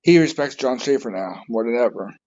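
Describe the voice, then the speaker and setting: A man's voice: mid-range voice, lively intonation, a little fast, darkish tone, no echo. A man chatting as a guest on a video call, eager to tell his stories. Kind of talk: casual video-call chat. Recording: dull lo-fi call audio.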